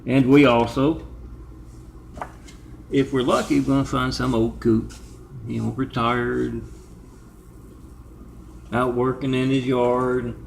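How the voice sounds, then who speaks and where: A man with a gravelly, creaky voice delivering a wandering solo monologue to camera. His pitch sits in an ordinary middle range. He drifts from point to point and spells things out slowly, letter by letter. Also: little pitch movement, slight background noise. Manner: digressive, spells out numbers and web addresses. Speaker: video maker. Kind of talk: rambling monologue.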